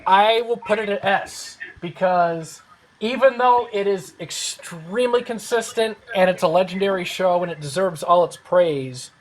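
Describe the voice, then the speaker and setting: A man with a high voice hosts a relaxed panel discussion. He thinks out loud and softens his points with repeated fillers. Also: unhurried, slight background noise, poor audio. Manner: rambling, hedging with fillers. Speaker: host. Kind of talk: casual online panel chat.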